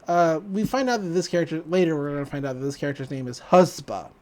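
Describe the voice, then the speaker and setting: A woman's voice: low-pitched, fast. A woman hosting a podcast, casually recapping a cartoon episode with laughs and acted-out lines. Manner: animated, laughing, acting out quoted lines. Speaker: podcast host.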